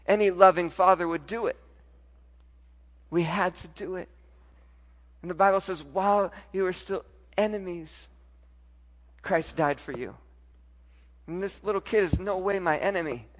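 A man preaching a sermon and telling an emotional personal story, moving between loud outbursts and hushed, tearful passages. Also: sits high, in a large hall. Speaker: pastor.

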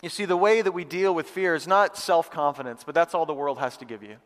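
Guy pastor preaching live, kinda high voice, lots of repeating himself, big echoey church. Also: fairly quick. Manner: energetic, conversational, repeats phrases for emphasis. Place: church auditorium with congregation. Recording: long hall reverb.

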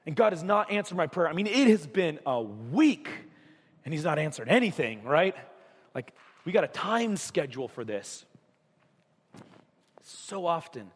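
Pastor guy preaching casual, kinda higher voice, echoey church hall. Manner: conversational, acts out voices in stories. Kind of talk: sermon.

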